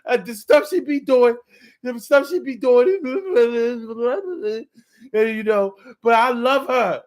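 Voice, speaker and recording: A man voicing a young boyfriend who whines, pleads and lies loudly. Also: slow pace. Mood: wheedling. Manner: loud, high-pitched, frantic pleading.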